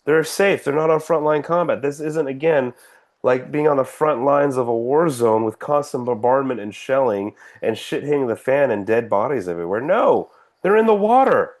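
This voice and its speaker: A man's voice: medium pitch, expressive, normal speed. A man co-hosting a casual podcast, ranting sarcastically and swearing freely. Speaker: podcast co-host. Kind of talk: casual political podcast chat.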